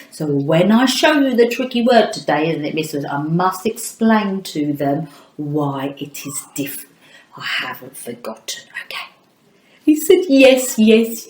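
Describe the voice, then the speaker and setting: Lively woman teaching children phonics. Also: on the low side. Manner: animated, sing-song teacher voice for young children. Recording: roomy echo.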